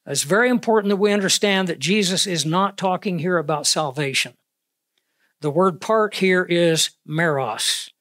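Man preaching, high voice, earnest, slow emphatic pauses, clip-on mic, dry sound. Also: a bit bright, dry recording. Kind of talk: sermon. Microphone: wearing a clip-on microphone.

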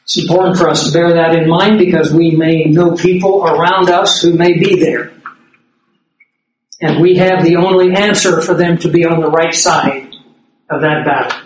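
A man preaching a sermon, expounding scripture in a measured, emphatic way with occasional fillers. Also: fairly high pitch, steady tone, heavy reverb, poor audio. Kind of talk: sermon teaching.

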